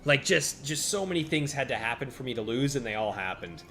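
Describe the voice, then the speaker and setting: A man's voice: mid-range voice, expressive, fairly quick. Chatty male game streamer. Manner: chatty, answers chat by name, reacts out loud to each turn. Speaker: streamer playing a handheld monster-battle game. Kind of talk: casual live-stream commentary. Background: faint game music.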